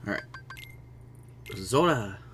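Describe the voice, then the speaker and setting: A young man commentating casually on a live game stream, excitable and quick to swear and laugh. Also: fairly low pitch, slight background noise. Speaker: streamer playing a video game.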